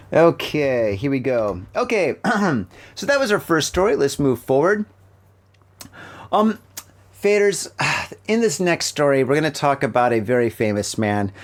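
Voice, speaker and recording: A middle-aged American man hosting a casual news chat from home, rambling and joking as he reads stories haltingly. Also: mid-range voice. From United States. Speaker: podcast host. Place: home room with a fan running. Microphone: laptop mic.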